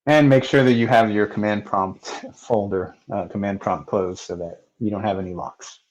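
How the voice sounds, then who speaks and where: A man with a lowish voice talks through a software installation, step by step, in a plain, unhurried way with the odd "uh". The audio is dull and lo-fi, like a screen recording. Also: fairly even intonation. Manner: plain, step-by-step narration with fillers. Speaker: software tutorial presenter. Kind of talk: screen-recorded technical walkthrough.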